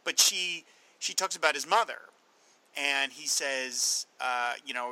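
A man hosting a film podcast, chatty and animated as he retells scenes. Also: mid-range voice, measured pace, rough recording. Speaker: podcast host. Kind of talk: casual film discussion.

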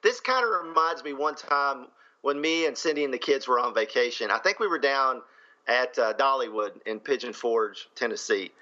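A man's voice: mid-range voice, normal speed, dull audio. A man co-hosting a podcast in casual chat, telling stories and laughing often. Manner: laughing, storytelling, animated. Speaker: podcast co-host.

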